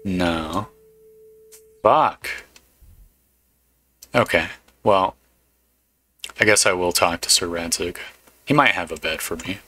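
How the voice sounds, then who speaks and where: Laid-back low-voiced man gaming. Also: animated, takes it slowly, pauses often, sharp tone. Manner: laid-back, swears casually. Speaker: gamer. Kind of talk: let's play commentary.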